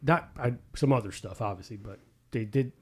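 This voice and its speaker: This man has a husky, medium-pitched voice and talks at a moderate pace. As a podcast host in a casual chat, he spins profane, lively stories and performs the quotes himself.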